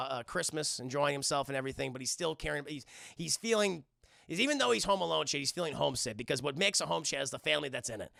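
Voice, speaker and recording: Gravelly guy streamer rambling thru a movie recap to chat, swears a lot, dry close mic. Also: on the high side, sharp tone, dry recording. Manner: rambling, profane, acts out characters in quick voices. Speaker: film review streamer. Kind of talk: casual scene-by-scene recap to live chat.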